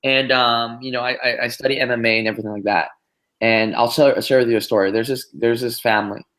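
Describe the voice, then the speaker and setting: A man giving a motivational business talk on a group call, telling a story in an animated way with lots of "you know" and "right?". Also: mid-range voice, fast talker. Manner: animated storyteller, many fillers and tag questions. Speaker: business trainer.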